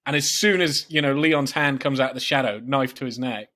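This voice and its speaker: A man's voice: mid-range voice, fairly quick, pushed and bright. A man co-hosting a film podcast, rambling casually with lots of fillers and frequent laughs. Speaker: podcast co-host.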